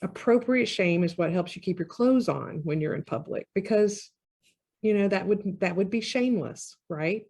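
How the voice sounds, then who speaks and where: A woman's voice: mid-range voice, normal speed, slightly rough. A woman therapist giving a conversational talk on relationships, now and then acting out what partners say. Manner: conversational, acts out quoted partners with lively shifts. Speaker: marriage therapist. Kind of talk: educational talk to camera.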